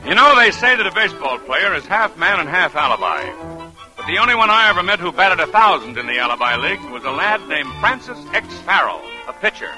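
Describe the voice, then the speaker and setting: An actor playing a gruff, sarcastic middle-aged baseball manager who also narrates, in 1940s radio acting. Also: male voice, sits high, very animated, fairly quick, low-quality recording. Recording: old radio broadcast with music.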